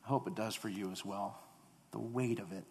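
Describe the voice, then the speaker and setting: A male pastor preaching a sermon, swinging from loud urgent build-ups to hushed low passages, with rhetorical questions and repetition. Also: steady tone, brisk. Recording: long hall reverb.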